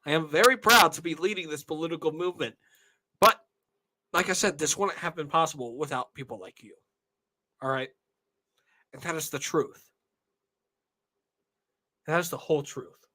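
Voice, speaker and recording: A man's voice: a little high, normal speed, long pauses, bright, forceful tone. A young man in his twenties hosting his channel, talking earnestly and emotionally to viewers and repeatedly asking "all right?". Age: 20s. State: emotional, tearing up. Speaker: channel host. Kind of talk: casual monologue to viewers.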